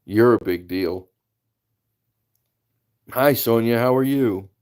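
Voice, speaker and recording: A man's voice: medium pitch, slow pace, a little mellow, clean tone. A man hosting a casual livestream, chatting and laughing as he greets viewers by name. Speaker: livestream host. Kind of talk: casual live-stream chat.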